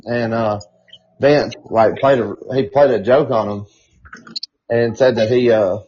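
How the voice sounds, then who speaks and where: A man's voice: medium pitch, steady tone, a little slow, a little mellow, slight background noise. A man co-hosting a podcast, telling a backstage story in loose, profane casual chat full of fillers. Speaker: podcast co-host. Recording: dull lo-fi podcast audio.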